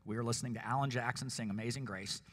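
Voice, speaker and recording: A man of ordinary pitch reads a tribute at his father's memorial. His speech is measured and plain. He stays steady and heartfelt from line to line. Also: breathy edge, in a large hall. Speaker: son of the deceased giving a eulogy. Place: church.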